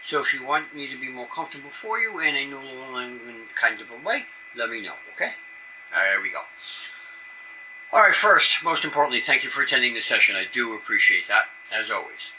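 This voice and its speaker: A man's voice: mid-range voice, lively intonation, fast, noisy background. A middle-aged man with a New York accent giving a conference presentation in a conversational way with folksy asides. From New York City area. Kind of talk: presentation talk.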